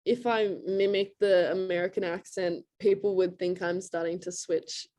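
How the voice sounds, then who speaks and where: A woman's voice: lowish voice, steady tone, normal speed, a little mellow. A young woman with an Australian accent talks over a video call. Her speech is chatty and loose, with lots of "like" fillers and frequent laughs. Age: young adult. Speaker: interview guest, college lacrosse player. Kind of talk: casual video call interview.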